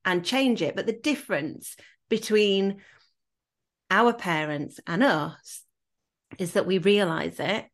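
A woman with a Yorkshire accent, hosting a podcast interview and sharing her thoughts in a measured, empathetic way. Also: medium pitch. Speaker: podcast host.

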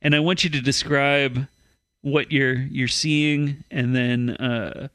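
A man's voice: medium pitch, steady tone, takes it slowly, a bit bright, no room sound. A man hosting a comedy news podcast, reading a story aloud and prompting his co-hosts. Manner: reads stories, then prompts co-hosts. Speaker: podcast host presenting news.

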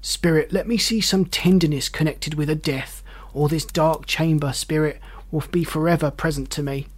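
The narrator gives voice to an elderly miser in a storybook reading. He pleads with measured, earnest urgency, slowing down to press his words. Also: medium pitch, steady tone, natural voice. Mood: pleading. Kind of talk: audiobook character voice.

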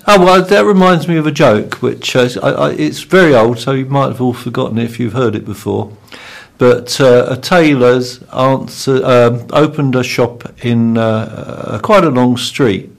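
A man hosting a casual gathering, telling an old joke and introducing a report in a hesitant, halting way. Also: medium pitch, creaky. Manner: hesitant, halting, full of pauses. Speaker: host. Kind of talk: casual group presenting.

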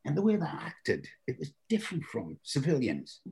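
A Geordie man from the North East of England, a guest telling stories with animated delivery and putting on other people's voices. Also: on the high side, moderate pace. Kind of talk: anecdotal storytelling.

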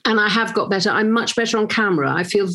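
A woman in her sixties, an actress, chatting in an interview and telling lively anecdotes with many restarts. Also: medium pitch, fast talker. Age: 60s. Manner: lively storyteller, acts out quoted voices, many restarts. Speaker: actress, guest. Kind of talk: casual conversation, anecdotes.

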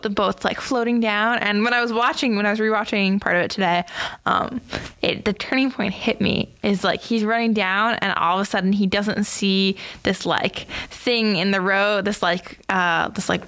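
A woman's voice: mid-range voice, a bit bright. A young woman chatting animatedly as a podcast co-host, retelling a film scene with lots of filler words.

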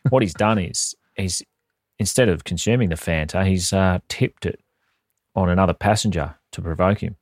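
A very deep-voiced Australian man hosting a podcast, trading dry, profane jokes in loose casual chat. His voice is close and dry, with no room sound. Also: moderate pace, no echo. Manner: dry, wisecracking, swears freely. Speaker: podcast host.

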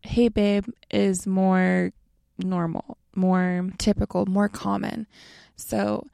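A young American language teacher from North America explains a lesson slowly, relaxed and friendly, calling her listeners "you guys." Her medium-pitched voice is mellow and warm with a strong gravelly fry, captured in a close, dry recording.

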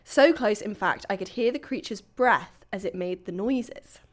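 A woman's voice: medium pitch, unhurried. A young woman co-hosting a podcast, reading a listener's story aloud in a chatty, giggly way. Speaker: podcast co-host.

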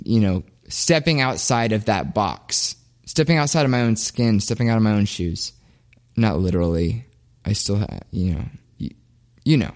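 A man hosting his own show, commenting casually on an archival clip with chatty, self-deprecating asides. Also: mid-range voice. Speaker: podcast host.

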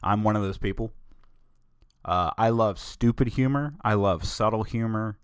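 Guy rambling on his own show, kinda low voice, very dry sound. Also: moderate pace, clear, resonant tone, dry recording. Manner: rambling and opinionated, digresses freely. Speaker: podcast host. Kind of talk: casual solo monologue.

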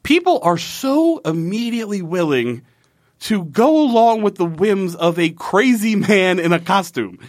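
A man's voice: high-pitched, lively intonation, measured pace, no room sound, studio quality. A young man casually recapping a TV episode, rambling, swearing and sounding incredulous and sarcastic. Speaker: podcast co-host recapping a TV episode. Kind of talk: casual chat.

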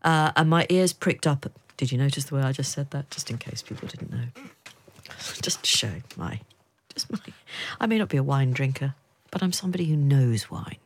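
A woman's voice: extremely low pitch, lively intonation, fairly quick, slight background noise. A woman co-hosting a podcast in casual chat, with dry, self-mocking humour and frequent laughter. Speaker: podcast co-host.

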